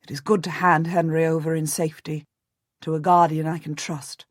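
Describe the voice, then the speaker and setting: A woman's voice: low-pitched, level tone, moderate pace, dry recording, studio quality, lightly acted. A woman reading the lines of a stern adult male knight and commander in an audiobook, clipped and formal. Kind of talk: audiobook narration.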